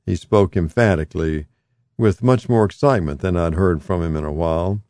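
A man reading his own memoir aloud in a calm, measured way. His voice sits a bit low and sounds mellow and warm. The recording is close and dry, with no room sound. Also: no echo. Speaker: narrator. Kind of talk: first-person audiobook memoir narration.

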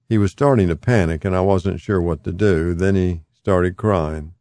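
A man reading his own memoir aloud in a calm, measured way. His voice sits a bit low and sounds mellow and warm. The recording is close and dry, with no room sound. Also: no echo. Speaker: narrator. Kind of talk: first-person audiobook memoir narration.

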